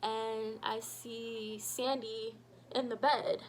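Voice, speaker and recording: A woman telling a personal story in a casual vlog, animated and full of fillers, acting out what people said. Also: on the high side, extremely slow, a little hiss or hum, rough recording. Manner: animated, shouts quoted lines, many fillers. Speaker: storytime vlogger.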